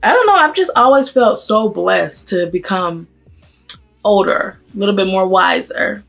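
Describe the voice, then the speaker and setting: A woman in her thirties with a mixed Northern and Southern US accent, chatting casually as she gets ready, talking fast and stumbling over her words. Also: mid-range voice, lively intonation, gravelly, fairly bright tone, faint music behind. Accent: mix of Northern US and Southern US. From Pennsylvania, raised in Atlanta. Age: 30s. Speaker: beauty vlogger. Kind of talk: casual get-ready-with-me chat. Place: at home doing makeup.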